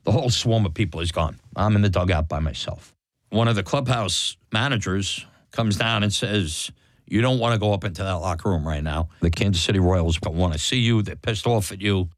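A man's voice: low voice, a little fast, no room sound, studio quality. A man candidly retelling a memory from his youth, acting out quotes and laughing as he goes. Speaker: storyteller recalling his own experience. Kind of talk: personal storytelling. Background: music.

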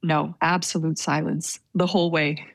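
A woman recounting a story in an easy, conversational way, her voice sitting a little low. She hedges constantly and pads her sentences with small fillers, like a quiet introvert talking it through. The sound is close and dry with no room around it. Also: little pitch movement, moderate pace, vocal fry, no room sound. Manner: hesitant, with many hedging fillers; self-described introvert. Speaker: interview guest. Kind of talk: casual storytelling.

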